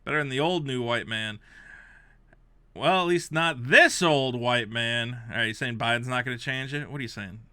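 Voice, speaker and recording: A man hosting a comedic reaction rant. He is exasperated and sarcastic, jumping between loud outbursts and low mutters. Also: normal speed, dry recording, clean studio sound. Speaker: host reacting to a game console review.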